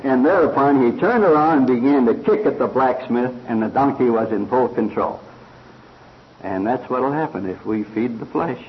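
A man preaching a sermon slowly and earnestly, retelling a fable with quoted voices. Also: mid-range voice, expressive. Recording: dull lo-fi recording.

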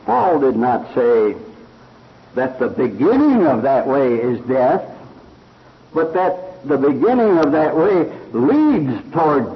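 Slow, earnest man preaching, lo-fi. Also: fairly high pitch. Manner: slow, earnest preaching, telling a fable with quoted voices. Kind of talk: sermon. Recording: dull lo-fi recording.

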